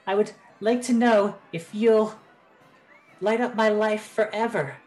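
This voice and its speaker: A man voicing a lovestruck young male halfling, earnest and fragile, who speaks in a high, gushing, pleading way. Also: measured pace, darkish tone, faint music behind. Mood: adoring.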